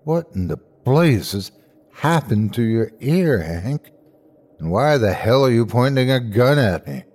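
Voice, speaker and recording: A man voicing a gruff small-town police chief who speaks bluntly, in a horror audio story. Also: medium pitch, big pitch swings, a little slow, a little mellow.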